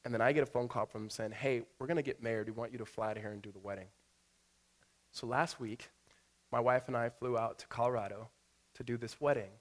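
A middle-aged man preaching a sermon in a church. He tells a personal story in a loose, animated way, full of fillers and restarts, with his voice at a middle pitch, and he rises to loud excitement at the high points. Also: quick pace. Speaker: pastor.

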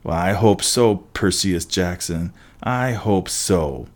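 A man voicing a hulking, hungry giant who talks with slow, gloating menace. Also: low voice.

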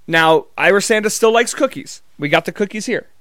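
A man's voice: high-pitched, animated, brisk, fairly bright tone, no room sound, clean studio sound. A man vlogging in a casual comedic monologue, telling rambling, profane, jokey stories.

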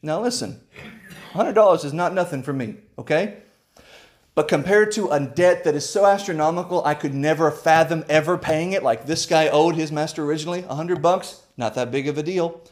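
Man preaching with fiery swings. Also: fairly quick. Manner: swings from low, hushed tones to loud, high, urgent preaching; storytelling. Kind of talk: sermon.

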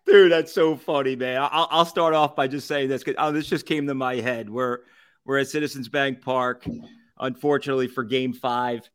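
A man's voice: medium pitch, fairly even intonation, moderate pace, smooth. A man, a podcast guest telling stories in a casual, rambling way with frequent laughs and filler words. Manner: rambling, laughs often, many fillers and restarts. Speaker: podcast guest, co-founder of a food review group. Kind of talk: casual storytelling chat.

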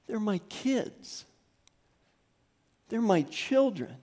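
A man in his thirties preaching a sermon in a church, swinging from soft near-whispers to loud, rising calls. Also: mid-range voice, measured pace. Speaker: pastor. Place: church sanctuary.

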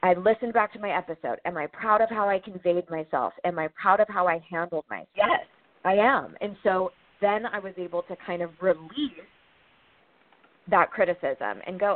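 A woman's voice: fairly low pitch, animated, normal speed. A woman speaking frankly and with energy in a podcast conversation, swearing casually. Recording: dry, thin phone-like sound.

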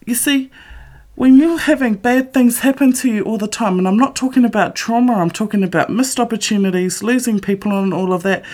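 A woman's voice: fairly high pitch, brisk, darkish tone. Blunt, swearing motivational woman. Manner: blunt, heavy swearing, emphatic. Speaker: author and vlogger. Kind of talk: motivational monologue.

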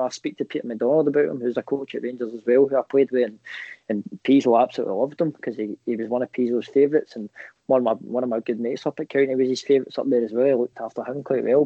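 A man's voice: mid-range voice, no room sound. Young Scottish man, footballer guest, casual anecdotes with swearing, acts out quotes, dry dull-sounding recording. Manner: animated, swears freely, acts out quoted dialogue. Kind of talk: casual storytelling interview.

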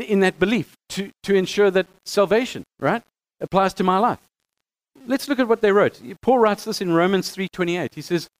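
A man teaching a lesson on scripture, reading passages aloud and explaining them with animated emphasis and frequent restarts. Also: high-pitched. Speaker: bible teacher.

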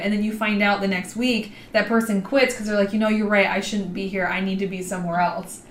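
A woman's voice: mid-range voice, fast. Chatty woman in an echoey room. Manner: animated, chatty, acts out quotes. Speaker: podcast co-host. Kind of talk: casual chat. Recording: echoey room, faint noise.

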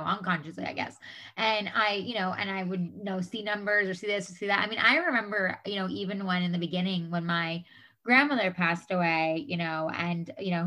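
A woman in her thirties, a podcast guest, chatting casually and telling a personal story with lots of fillers. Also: lowish voice. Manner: chatty, many fillers, animated retelling.

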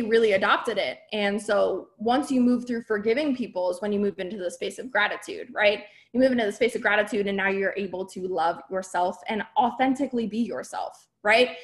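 A woman podcast host and business coach giving a candid, emphatic motivational talk to a live group. She often checks in with her listeners. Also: medium pitch.

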